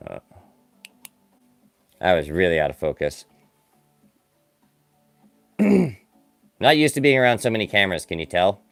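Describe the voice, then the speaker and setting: A man's voice: sits low, big pitch swings, a little slow, vocal fry, pauses often, fairly bright tone, no room sound, faint music behind. A man streaming live as he sculpts clay for stop-motion, chatting casually and rambling, poking fun at himself as the work distracts him. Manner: rambling, self-deprecating, distracted by the work at hand. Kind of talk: casual live-stream chat while crafting.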